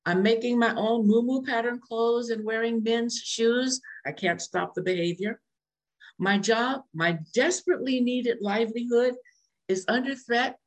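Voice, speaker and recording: A woman's voice: fairly high pitch, normal speed. An older woman speaking candidly over a video call, sharing her recovery story at a meeting with repeated refrains. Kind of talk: personal recovery share.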